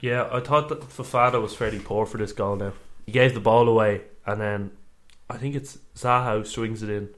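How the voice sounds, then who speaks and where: Male co-host, lowish voice, calm analytical pundit. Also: moderate pace, hardly any pauses. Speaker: podcast co-host. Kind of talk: casual football chat.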